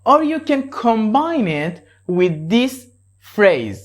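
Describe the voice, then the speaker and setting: A woman with a Persian accent giving a short English lesson, acting out example phrases with lively intonation. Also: medium pitch, slow. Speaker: English teacher. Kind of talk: short-video language lesson.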